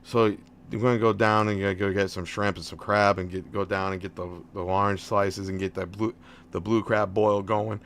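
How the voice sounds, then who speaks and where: A man's voice: lowish voice, little pitch movement, moderate pace, a bit bright, slight background noise. A man putting on a Cajun accent, voicing a folksy Cajun man cooking up a crab boil in an easygoing, chatty way. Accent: Cajun put-on.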